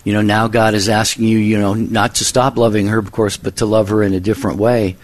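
Calm consoling man on radio. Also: on the low side, brisk. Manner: calm, consoling, frequent "you know". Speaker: co-host of a Catholic call-in radio show. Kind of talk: call-in radio talk.

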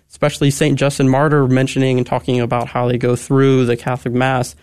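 A man's voice: medium pitch, flat delivery, fairly quick, hardly any pauses, darkish tone, clean tone, dry recording, clean studio sound. A young man, a guest on a radio interview, talking eagerly and articulately. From Texas. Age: 20s.

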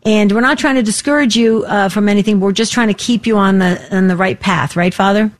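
A woman hosting a radio talk show, chatting warmly and effusively with many fillers and restarts. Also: mid-range voice, a little fast, no echo.

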